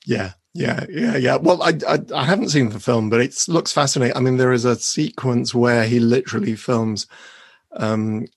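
A hoarse British man asks questions in a hesitant, restarting way. His voice is husky and breathy, recorded close and dry with no room sound. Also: medium pitch, moderate pace, no echo. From Britain. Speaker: interviewer. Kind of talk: casual interview questions.

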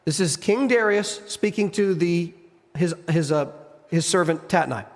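A man preaching an expository sermon, reading scripture and retelling stories in an animated, emphatic, conversational way. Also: high voice, moderate pace. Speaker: pastor. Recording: reverberant church hall.

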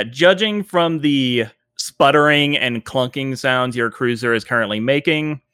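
A man narrating as game master, with frequent pauses and fillers. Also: medium pitch, a bit bright, clean tone, no echo, clean studio sound. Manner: hesitant, many fillers.

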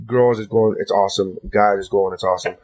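A man's voice: on the low side, steady tone, quick pace, darkish tone, no echo. A man hosting a comedy podcast, telling stories animatedly and swearing freely in casual banter.

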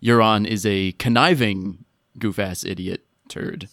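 A man's voice: fairly low pitch, a little slow, fairly bright tone, no echo. Male guest, casual chat, dry mic, laughs often, thoughtful.

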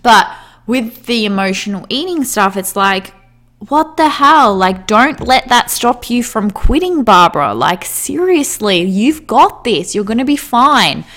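A woman's voice: fairly high pitch, very animated, measured pace, fairly bright tone. Chatty woman, candid monologue. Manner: candid, chatty, lots of "like", laughs often, swears casually. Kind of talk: casual personal monologue.

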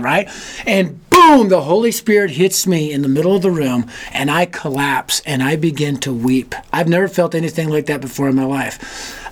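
A man hosting a youth ministry show, telling a story sermon in an animated, self-mocking way. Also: fairly high pitch, normal speed. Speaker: youth ministry leader and host.

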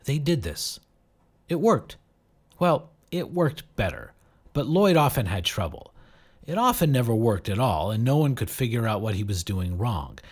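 Audiobook narrator, animated pitch, husky texture, expressive. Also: normal speed. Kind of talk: audiobook storytelling.

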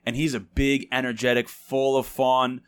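A man's voice: mid-range voice, little pitch movement, normal speed, clear, resonant tone, dry recording. A man hosting a podcast, telling a personal story in a chatty, loose way full of fillers. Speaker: podcast host. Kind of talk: casual chat.

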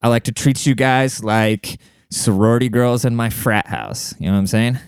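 A man's voice: medium pitch, expressive, moderate pace, clean tone, dry recording, clean studio sound. Crude, rambling young man podcasting at home. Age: young adult. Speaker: podcast host. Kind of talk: casual solo podcast monologue. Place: home room with a cat.

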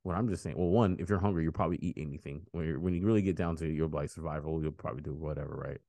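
A man's voice: rumbling low, rapid-fire, no echo. An American man hosting a podcast, chatting casually and rambling through stories with laughs. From United States. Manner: rambling, animated storytelling with laughs. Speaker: podcast host. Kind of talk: casual chat.

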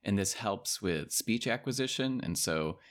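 A man's voice: on the low side, lively intonation, unhurried. A man co-hosting a casual conversation podcast, talking in a thoughtful, musing way with many hedges. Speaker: podcast co-host.

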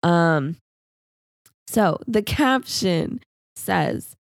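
A woman's voice: low-pitched, lively intonation, normal speed, vocal fry, darkish tone, no echo, studio quality. A young woman hosting a solo podcast, rambling casually and laughing at herself. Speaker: podcast host.

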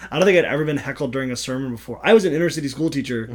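A man's voice: mid-range voice, rapid-fire, darkish tone. A man, a pastor, chatting casually and laughing often as he swaps stories. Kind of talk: casual podcast chat.

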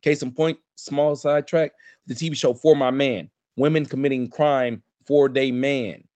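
A man rants in a profane, animated way on a casual podcast. His voice sits in the middle of the range. The sound is dry and close. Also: medium pitch, normal speed, no room sound. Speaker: podcast co-host.

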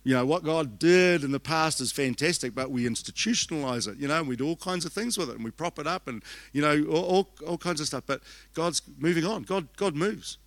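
Older New Zealand pastor preaching. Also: male voice, fairly high pitch, fairly quick, dry recording. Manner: storytelling with frequent restarts and bursts of laughter. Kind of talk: conference sermon.

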